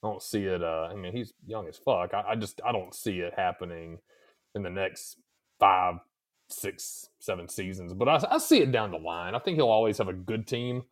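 A man's voice: low-pitched, moderate pace. A man co-hosting a casual podcast, telling stories with plenty of cursing. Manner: profane, animated storytelling. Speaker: co-host.

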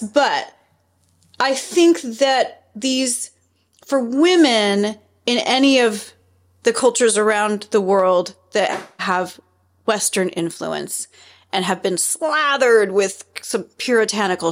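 A high-pitched woman speaks as a podcast guest. She talks in a chatty, loose way, dropping "like" into her sentences and laughing easily. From United States. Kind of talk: casual podcast conversation.

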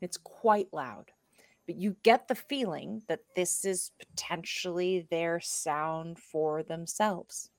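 A woman's voice: lowish voice, slow, dry recording, studio quality. A woman running a tabletop game as game master, describing scenes with restarts and searching for words.

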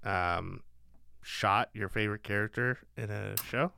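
A man's voice: lowish voice, a little slow, vocal fry, slight background noise. A young man co-hosting a podcast, chatting casually and joking with lots of fillers. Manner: joking, lively, filler-heavy. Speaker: podcast co-host. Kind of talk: casual chat.

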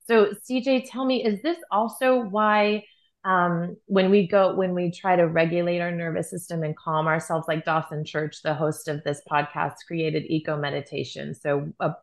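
A woman hosting a podcast, her voice sitting a little low. She gushes with bubbly, effusive praise as she leads the interview. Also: fairly even intonation, moderate pace. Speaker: podcast host.

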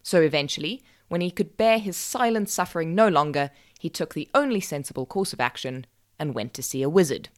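A woman narrating a folk tale for a podcast with wry, deadpan asides. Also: sits low, a little fast. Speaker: podcast storyteller. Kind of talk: scripted narration.

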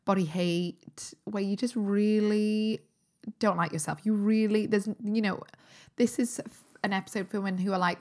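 Woman, British accent, slightly croaky, chatty solo podcast host, upbeat, lots of fillers. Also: mid-range voice, steady tone, normal speed. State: slightly croaky voice recovering from a cold. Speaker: holistic nutritionist podcast host. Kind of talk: casual solo podcast talk.

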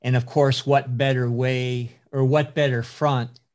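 Male host, unhurried and hesitant, with a middle pitch. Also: flat delivery, darkish tone. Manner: slow and hesitant, agreeable. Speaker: interview host. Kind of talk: interview talk.

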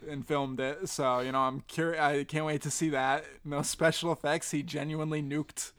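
A man's voice: on the high side, flat delivery, normal speed, fairly bright tone, clear, resonant tone. A man co-hosting a movie podcast in casual chat, joking and sarcastic. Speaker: podcast co-host.

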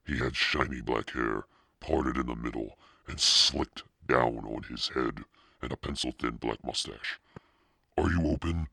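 Deep gravelly male audiobook narrator, crisp edge, dry close mic. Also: a little slow, sharp tone, no room sound. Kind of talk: storybook narration.

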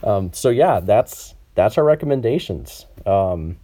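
Talking a little slowly, the man hosting this casual online-call podcast has a lowish, mellow, slightly nasal voice and an animated delivery. He says um a lot and often restarts his sentences.

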